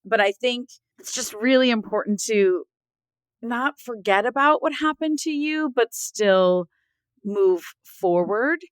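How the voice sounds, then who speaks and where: A woman's voice: on the high side, slow, clean tone, no room sound. A middle-aged woman, a guest author in a podcast interview, speaking in an earnest, heartfelt way with many "like"s and "right?"s.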